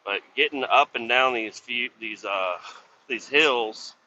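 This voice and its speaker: Profane ranting trucker man, bright voice. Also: medium pitch, slow, dull audio, a little hiss or hum. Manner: profane, ranting at other drivers. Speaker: truck driver. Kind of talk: casual driving vlog. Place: inside a truck cab on the highway.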